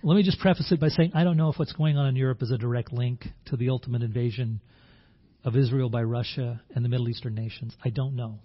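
Male pastor, husky voice, earnest sermon, dull lo-fi recording. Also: mid-range voice, steady tone, quick pace. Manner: earnest, with repeated words and restarts. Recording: dull lo-fi sound.

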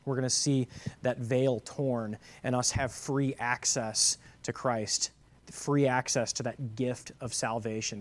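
A medium-pitched pastor gives a sermon that shifts from quiet reflection to loud, emphatic preaching packed with rhetorical questions.

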